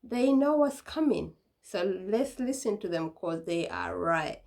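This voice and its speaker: A woman's voice: fairly low pitch, measured pace, vocal fry, darkish tone. Chatty young woman vlogging. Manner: chatty, laughing, acts out quotes of her mom. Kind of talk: casual chat to camera.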